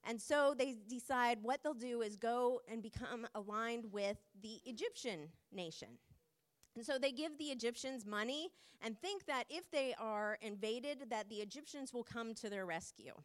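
A woman preaching a sermon in an earnest, measured way, with frequent pauses and fillers. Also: on the high side, animated.

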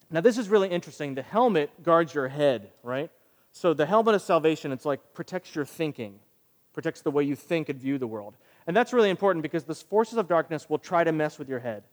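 Pastor preaching in a reverberant hall. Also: male voice, a little high. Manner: animated storytelling, acting out other voices. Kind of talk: sermon.

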